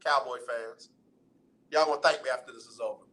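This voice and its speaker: A man hosting a sports radio talk show, teasing and preaching to callers in loud, playful banter. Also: mid-range voice, steady tone, fairly quick. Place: radio studio.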